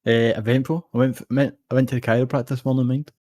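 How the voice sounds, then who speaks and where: A man's voice: mid-range voice, little pitch movement, fast talker, a little mellow. A young Scottish man co-hosting a podcast, telling a long rambling story in casual chat, swearing freely. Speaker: podcast co-host.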